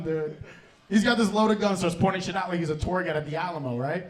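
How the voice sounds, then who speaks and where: A young man with a fairly high voice works a comedy club crowd through a handheld stage mic. His set is loose and profane, and he keeps laughing at his own lines. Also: fast, a little hiss or hum. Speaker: stand-up comedian and host.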